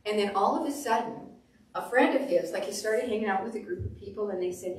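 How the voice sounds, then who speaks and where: A woman pastor preaching a sermon, telling stories with animated delivery and acting out quotes. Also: mid-range voice, normal speed, distant mic. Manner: animated storytelling, acts out quotes. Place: church sanctuary. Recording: echoey room, voice off the mic.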